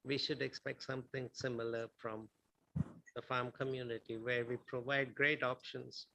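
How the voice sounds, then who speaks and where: A male guest lecturer answers a question smoothly and calmly. His voice is gravelly but bright and forward. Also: mid-range voice, normal speed, rough recording. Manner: smooth and calm.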